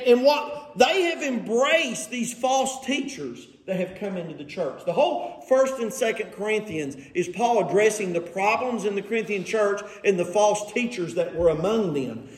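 A man's voice: very high-pitched, expressive, moderate pace. A man preaching a sermon from scripture, asking his congregation rhetorical questions and paraphrasing the text with sarcasm. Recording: echoey room.

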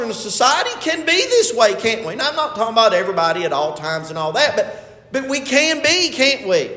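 A male pastor delivers his sermon, slipping into quoted lines as he retells a story, then pressing his points with rising emphasis. His voice sits high for a man. It rings with the long reverb of a large, echoey sanctuary. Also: fairly bright tone.

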